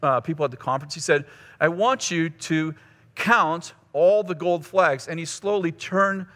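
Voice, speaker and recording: A man's voice: a little high, normal speed, a bit bright. A male pastor teaching a course session in a conversational, teasing way, often restarting his phrases. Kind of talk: teaching sermon with humor. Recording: long hall reverb.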